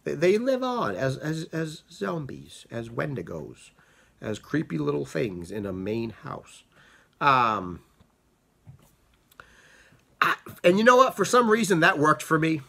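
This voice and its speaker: A man talks through a casual film review in a bright, ringing voice that sits a little high. His delivery is animated, with pitch swinging widely. He often circles back and restarts his sentences. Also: slow pace, vocal fry, pauses often. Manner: animated, rambling with frequent restarts. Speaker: book and movie reviewer.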